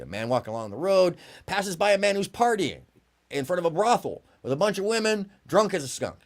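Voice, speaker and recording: A man tells a story to a panel in a casual, rambling way, his pitch rising and falling with lively animation. He stumbles and restarts often. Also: fairly quick. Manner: animated, full of fillers.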